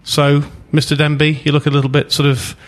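A man hosting a casual football chat, asking lively rhetorical questions. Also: fairly high pitch, a little fast. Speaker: podcast host.

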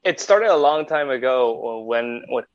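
A man whose first language is Spanish, chatting as a podcast guest in a relaxed, joking way with some stammered restarts. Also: medium pitch, measured pace, no echo. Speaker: podcast guest, voiceover artist. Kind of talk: casual chat. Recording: dry, slightly dull sound.

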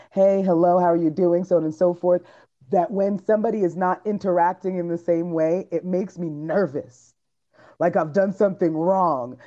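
Podcast host, woman in her 30s, candid and profane, warm dark tone, slightly dull sound. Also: fairly low pitch. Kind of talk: casual chat.

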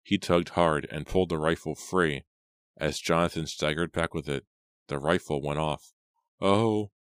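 A man narrating an audiobook in a dramatic reading style, acting out the characters' lines louder and slower. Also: very deep voice, fairly even intonation, clear, resonant tone, no room sound, clean studio sound.

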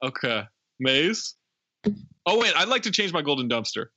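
A man's voice: fairly high pitch, very animated, normal speed, sharp tone, dry recording. A man hosting a podcast, emphatic and opinionated in a casual movie review chat. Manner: emphatic, opinionated, laughs often. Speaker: podcast host.

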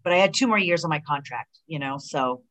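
A middle-aged woman, a retired wrestler, chatting as a guest in an interview and telling animated stories with lots of fillers and acted-out quotes. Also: deep voice, fairly quick. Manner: animated storyteller who acts out quoted dialogue, many fillers and restarts. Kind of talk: casual interview chat.

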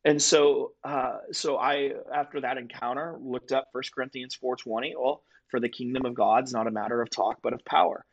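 Male guest, mid-pitched voice, earnest and vivid storyteller. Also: steady tone, normal speed, vocal fry, few pauses, highs cut off. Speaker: guest telling his testimony. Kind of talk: conversational storytelling.

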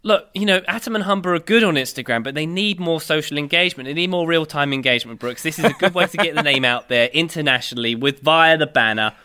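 A man co-hosts a casual podcast chat, quick-witted and joking. He talks very fast in a sharp, bright voice that sits a bit high. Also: clear, resonant tone. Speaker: podcast co-host.

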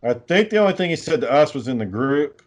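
A man's voice: a little high, big pitch swings, fast, a crowd in the background. A man co-hosting a podcast, talking in a rambling, profane, casual way and reading out text messages. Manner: profane, rambling, reads out texts. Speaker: podcast co-host.

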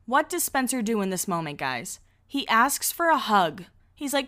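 A woman's voice: medium pitch, big pitch swings, moderate pace, pushed and bright. A young adult woman hosting a casual chat, recapping a reality show and often laughing as she acts out quotes. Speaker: podcast host.

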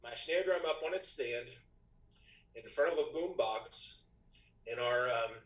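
A man chatting as a podcast guest, telling a long story in a loose, rambling way. He restarts sentences often and leans on fillers. His voice is a little rough today. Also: mid-range voice, animated, a little slow, a bit bright, lo-fi sound. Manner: rambling, many restarts and "you know". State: slightly rough voice, clearing throat. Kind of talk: casual storytelling chat.

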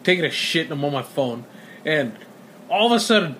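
A young man co-hosting a podcast, chatting casually and telling stories in an animated way, swearing often and laughing a lot. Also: a little high, fairly quick, a little hiss or hum. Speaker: podcast co-host. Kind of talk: casual chat.

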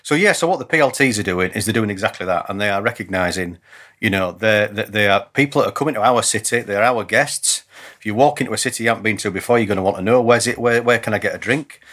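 A man's voice: lowish voice, quick pace, fairly bright tone. A man, a senior police officer, talking earnestly as an interview guest, often restarting and repeating words as he thinks. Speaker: police chief superintendent, guest. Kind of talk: conversational interview.

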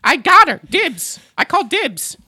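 A man voicing a goofy, crude man in hell who is married to a goat, in an improvised comedy sketch, with a high, cheeky, lecherous way of talking. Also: big pitch swings, measured pace, pushed and bright, full character voice.

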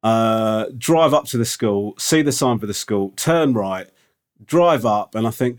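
Male podcast co-host, mid-pitched, rambling self-deprecating storytelling. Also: expressive, unhurried. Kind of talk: casual chat.

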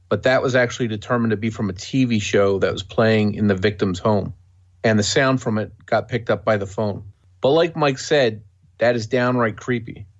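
Man, podcast co-host, matter-of-fact, serious, mid pitch, dull lo-fi recording. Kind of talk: scripted true-crime narration. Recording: dull lo-fi sound.

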